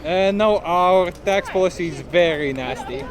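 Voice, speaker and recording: A man's voice: high voice, unhurried. A man with a Latvian accent, a police officer on duty, speaking politely and briefly. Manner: polite, soft-spoken, brief. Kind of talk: casual chat. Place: busy city street outdoors. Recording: noisy outdoor crowd recording. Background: crowd and traffic.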